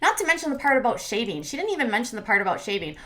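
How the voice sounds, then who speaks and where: A woman's voice: fairly high pitch, big pitch swings, very fast, bright, forceful tone. A woman hosting a commentary channel, casually recapping a reality show and retelling scenes in a chatty way with many fillers. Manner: chatty, lots of fillers and retold quotes.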